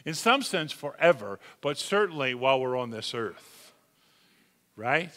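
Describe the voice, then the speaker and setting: A man preaching a sermon emphatically, rising to loud calls and dropping to hushed asides. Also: medium pitch, big pitch swings, a little slow. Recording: long hall reverb.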